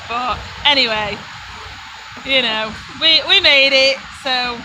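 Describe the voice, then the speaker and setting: A woman's voice: high-pitched, animated, takes it slowly, long pauses, noisy background. A woman from Britain hosting a homesteading live stream, telling a road-trip story in a chatty way, laughing often and breaking off to talk to her children. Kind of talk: casual storytelling to viewers.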